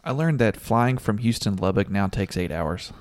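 A man's voice: on the low side, expressive, moderate pace, darkish tone. A man co-hosting a podcast, chatting casually and telling a story with frequent laughs. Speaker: podcast co-host. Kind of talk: casual sports chat.

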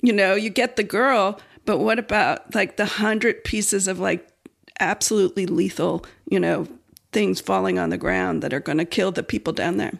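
A man with a high voice and a heavy gravelly fry talking earnestly about a film. He hesitates often and leans on fillers as he works through his point. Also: fairly even intonation, moderate pace. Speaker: podcast co-host. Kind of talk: casual film discussion.

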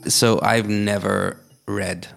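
A man co-hosts a podcast, moving from dry scripted narration into casual chat. His low voice has a gravelly edge. Faint music plays under him. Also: level tone, takes it slowly, a bit bright. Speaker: podcast co-host.

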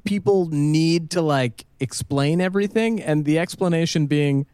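A man co-hosting a casual podcast chat about a movie, dropping wry deadpan jokes. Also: fairly high pitch, normal speed, clean tone, no echo. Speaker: podcast co-host.

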